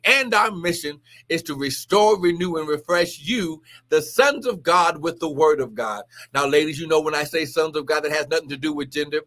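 Fervent high-voiced male preacher. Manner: fervent, shouting exclamations, speaking in tongues. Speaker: pastor and prophet. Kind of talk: charismatic live-stream sermon. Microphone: live-stream microphone.

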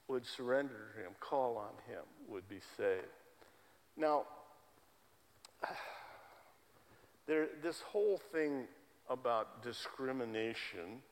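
A man delivers a sermon and presses his points by repeating key words. His voice sits at an ordinary pitch for a man. A long reverb from the church hall trails behind him. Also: a bit bright. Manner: emphatic preaching, repeats words for stress. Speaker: pastor.

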